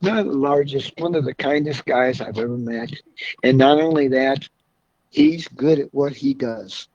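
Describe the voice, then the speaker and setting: A man's voice: medium pitch, measured pace, darkish tone, no echo, highs cut off. A man guest from a car club telling folksy stories in a casual way, often laughing at his own tales. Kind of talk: casual storytelling.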